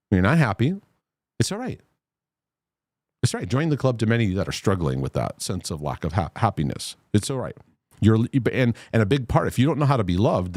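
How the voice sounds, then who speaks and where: Male host, live Q&A, low and animated, reassuring, dry close mic. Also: dry recording. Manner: earnest, reassuring, reads questions aloud. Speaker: host answering viewer questions. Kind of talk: live Q&A broadcast.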